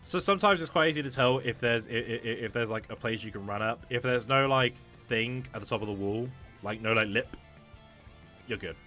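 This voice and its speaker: A man commentates his game stream in a loose, rambling way, full of fillers and laughter. His voice is bright at an everyday pitch, with faint game music underneath. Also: brisk. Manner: rambling, many fillers and restarts, laughs often.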